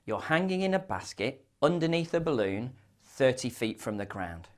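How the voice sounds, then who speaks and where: A man's voice: medium pitch, very animated, normal speed, natural voice. A man voicing a smug, know-it-all man walking his dog within a joke, speaking in a matter-of-fact way.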